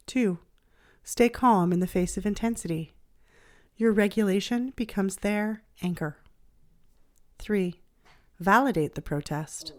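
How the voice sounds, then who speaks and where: A woman therapist hosting a podcast, reading her reflective script in a gentle, measured, soothing way. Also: mid-range voice. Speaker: child therapist and podcast host.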